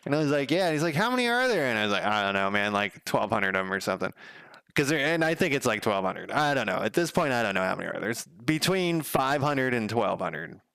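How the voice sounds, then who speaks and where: Gravelly-voiced man rambling casually. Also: lowish voice, lively intonation, quick pace, fairly bright tone, dry recording, clean studio sound. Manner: rambling storyteller, swears casually, chuckles often. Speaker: game developer streamer. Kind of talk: casual chat. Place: home.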